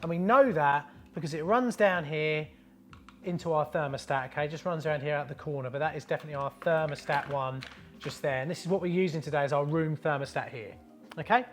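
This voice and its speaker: A man's voice: fairly high pitch, quick pace, soft background music. A man hosting a plumbing tutorial, talking in an upbeat, chatty, matey way while showing his work. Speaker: plumber host. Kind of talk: casual how-to tutorial.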